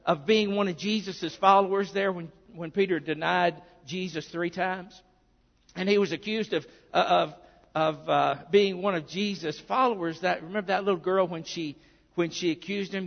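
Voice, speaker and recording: High, gravelly preacher in an echoing hall. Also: male voice, steady tone, moderate pace. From Arkansas, US. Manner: earnest, conversational preaching with asides and restarts. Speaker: pastor. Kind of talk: sermon. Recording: muffled, with long hall reverb.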